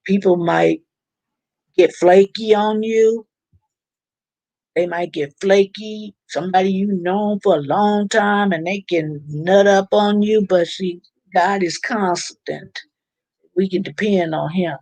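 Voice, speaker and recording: A woman's voice: mid-range voice, takes it slowly, darkish tone, no room sound. A woman hosting a casual live stream, chatting informally and reading out viewer comments. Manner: chatty, informal, preachy about faith.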